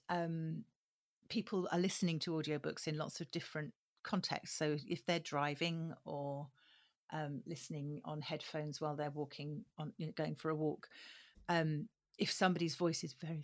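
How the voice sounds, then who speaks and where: Woman, low voice, audiobook producer, interview, thoughtful, lots of ums and restarts. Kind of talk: interview answers.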